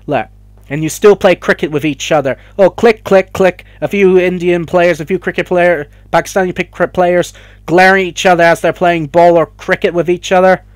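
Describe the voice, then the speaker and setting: In a high voice with a steady tone and fairly quick pace, a young vlogger delivers an emotional, heated rant to camera, swearing and rambling as he gets more worked up. There's no echo on the recording.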